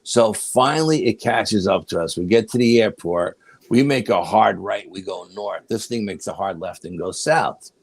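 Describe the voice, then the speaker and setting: A man's voice: on the low side, moderate pace, husky. An older man telling a paranormal story as an interview guest, acting out the dialogue as he goes. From New York. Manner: animated storyteller, acts out quoted dialogue.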